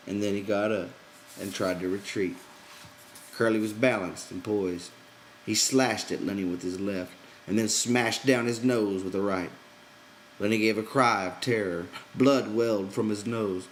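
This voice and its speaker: A man reading a novel aloud in measured audiobook narration. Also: fairly low pitch, fairly even intonation, low-quality recording. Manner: measured storytelling. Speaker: reader.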